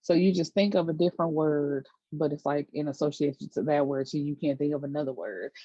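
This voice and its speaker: A woman's voice: deep voice, fairly quick, dark tone, dry recording. A woman giving a casual, chatty TV episode recap, retelling scenes with lots of fillers. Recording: dull lo-fi dry recording.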